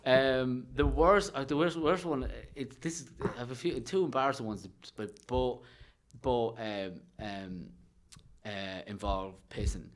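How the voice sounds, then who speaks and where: A young Irish man, a comedian, telling childhood stories in a casual podcast chat, swearing freely and animated. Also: medium pitch, measured pace. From Ireland. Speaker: comedian guest.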